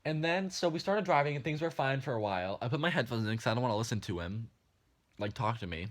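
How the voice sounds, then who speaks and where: A young man vlogging a storytime, animated and full of swearing and "like" fillers. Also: mid-range voice, quick pace, no echo. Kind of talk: storytime vlog.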